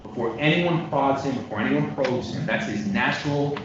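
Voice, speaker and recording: A male defense attorney delivering a closing argument to a jury, emphatic and repetitive, swinging between loud stresses and quiet asides. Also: medium pitch, normal speed. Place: large courtroom. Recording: distant, echoey courtroom audio, dull lo-fi with noise.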